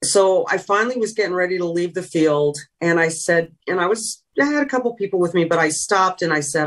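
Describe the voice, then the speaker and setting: A woman's voice: lowish voice, expressive, a little fast, hardly any pauses, far from the mic. A woman in a conversational interview, a former sideline reporter, telling reflective and emotional stories. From California. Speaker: guest, retired sideline reporter.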